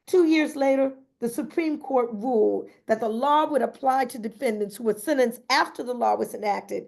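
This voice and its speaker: A woman's voice: on the high side, creaky, warm tone. A woman reading aloud from her own memoir in an earnest, emotional way, breaking off now and then to add personal comments. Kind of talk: reading aloud with spontaneous asides.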